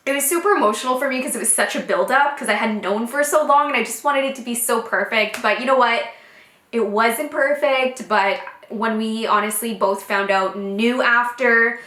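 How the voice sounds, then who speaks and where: A young woman vlogger telling a personal story casually to her viewers, chatty and animated, acting out what people said. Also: on the high side, moderate pace, echoey room. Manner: chatty, animated, many fillers and acted-out quotes.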